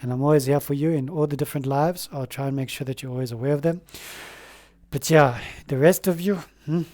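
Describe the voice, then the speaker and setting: A man giving a spoken tarot reading, gentle and affirming, rambling with fillers and slow pauses. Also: on the high side. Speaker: tarot reader.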